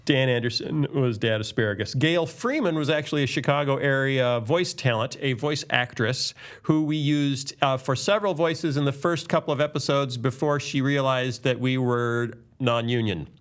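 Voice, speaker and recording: A man's voice: medium pitch, moderate pace, hardly any pauses. A man hosting a casual podcast chat, joking and reading listener questions aloud. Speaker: podcast host.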